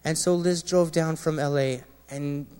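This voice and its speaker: A man, a former Marine, sharing an earnest personal testimony with a gathering, often dropping quiet and low at painful moments. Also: fairly even intonation, a little slow, clear, resonant tone. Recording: long reverb of a large hall.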